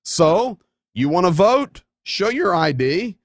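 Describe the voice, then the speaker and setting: A man's voice: sits high, big pitch swings, slow pace, dry recording, clean studio sound. A man hosting a talk show, delivering a folksy, emphatic monologue with playful asides. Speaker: show host.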